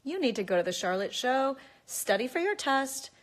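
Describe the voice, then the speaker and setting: A woman's voice: high voice, big pitch swings, moderate pace. Chatty woman answering fan questions. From United States. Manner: chatty, bubbly, reads questions aloud. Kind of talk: casual chat. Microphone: phone.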